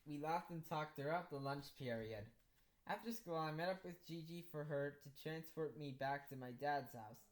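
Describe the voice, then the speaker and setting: A woman reading aloud a story she wrote herself, halting and often restarting. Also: low-pitched, low-quality recording. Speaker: author reading own story.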